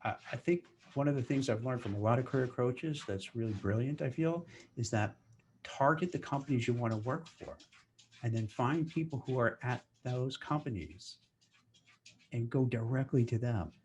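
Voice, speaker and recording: Man giving animated career advice. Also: mid-range voice, normal speed, a little hiss or hum. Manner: animated, acts out office chatter in put-on voices. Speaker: career commentator. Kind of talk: casual advice monologue.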